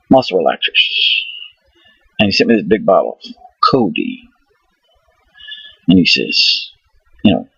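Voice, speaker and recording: A middle-aged man from the United States telling a rambling, profane story about himself, excitable and laughing at his own misadventures. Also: deep voice, vocal fry, breathy edge, no echo, highs cut off.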